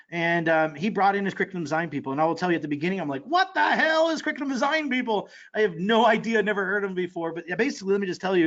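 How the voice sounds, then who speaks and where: Pitching his online marketing course, this man sounds high and talks at breakneck speed, full of excitement. His speech is packed with fillers and false starts, captured on muffled, lo-fi audio.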